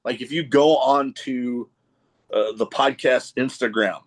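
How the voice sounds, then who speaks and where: A man hosting a podcast, telling stories with excitement and often restarting his phrases. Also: mid-range voice, a little slow. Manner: excitable storyteller, repeats starts of phrases. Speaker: podcast host. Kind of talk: casual chat.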